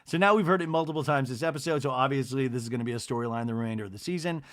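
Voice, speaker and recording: A man's voice: medium pitch, rapid-fire, fairly bright tone. A man hosting a podcast, giving a chatty, gossipy solo TV recap. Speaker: podcast host. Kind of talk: casual TV recap monologue.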